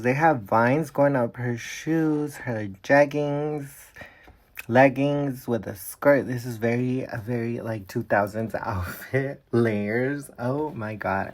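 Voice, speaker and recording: Low-voiced excited woman gushing over dolls. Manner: excited, gushing, swears freely. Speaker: doll collector vlogger. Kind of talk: casual unboxing chat.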